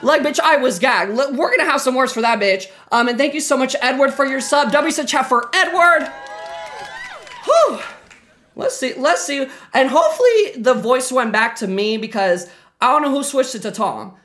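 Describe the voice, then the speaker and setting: Loud high-voiced woman streamer. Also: a little fast. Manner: loud, profane, excitable, laughing outbursts. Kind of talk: casual live-stream chat. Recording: music playing under the stream. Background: background music.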